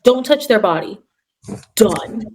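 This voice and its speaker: A woman's voice: a little high, slow pace, slight background noise. A young adult woman who teaches third grade, hosting a casual chat and telling classroom stories with sarcasm. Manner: sarcastic, animated storyteller acting out classroom quotes.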